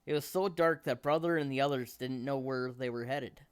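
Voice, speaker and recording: A man reading a children's picture book aloud in a steady, expressive storytelling manner. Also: medium pitch, moderate pace, clean tone, dry recording.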